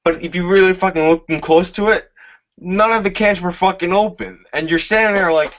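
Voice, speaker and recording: Man, casual co-host; bright edgy tone, loose, profane, rambling; dull low-fi audio. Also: normal speed. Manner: profane, rambling, searches for names. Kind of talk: casual chat.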